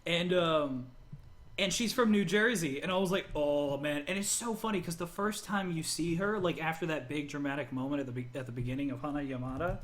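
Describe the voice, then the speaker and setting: A man from the United States co-hosting a podcast, talking in an animated, joking way and laughing often. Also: on the high side, brisk, slight background noise. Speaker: podcast co-host. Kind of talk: casual chat.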